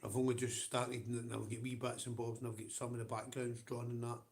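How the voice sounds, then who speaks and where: A man's voice: mid-range voice, level tone, a little fast, creaky, a little mellow. A man with a Scottish accent hosting a livestream and chatting casually with viewers. He swears constantly, rambles and often breaks into laughter. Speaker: livestream host.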